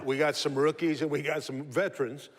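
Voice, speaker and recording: A man's voice: on the high side, little pitch movement, fairly quick. A man hosting a morning show, asking a guest a casual question with a few restarts. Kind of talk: casual interview chat. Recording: long hall reverb.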